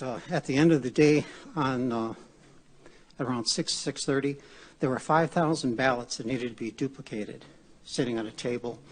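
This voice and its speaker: A man out of breath, giving unscripted testimony at a hearing, halting with many pauses and restarts. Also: mid-range voice, slightly rough. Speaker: public testimony witness.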